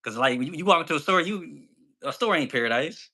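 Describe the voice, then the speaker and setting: A man's voice: fairly high pitch, expressive, fast, sharp tone. A bubbly, extroverted man chatting casually as a podcast guest. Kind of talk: casual chat.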